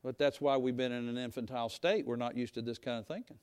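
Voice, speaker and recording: A middle-aged male pastor preaching a sermon in a folksy, conversational way, talking straight to his congregation and sometimes rising to a shout. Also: medium pitch, steady tone, quick pace, smooth, no room sound.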